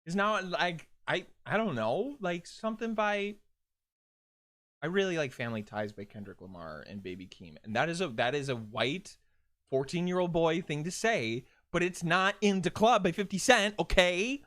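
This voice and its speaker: A man's voice: on the high side, animated, normal speed, fairly bright tone. A man chatting casually while streaming a video game, rambling and swearing, with many restarts. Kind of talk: casual gaming stream chat.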